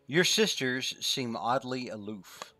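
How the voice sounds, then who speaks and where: A man narrating as game master of a tabletop game, in a measured, relaxed way with many small pauses. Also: medium pitch, faint music behind.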